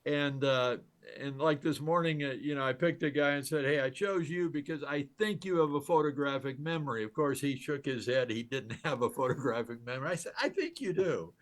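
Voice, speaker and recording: A man's voice: mid-range voice, a little fast. An older man, a guest on an interview, telling stories with enthusiasm, acting out quoted dialogue and laughing often. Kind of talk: animated storytelling in conversation.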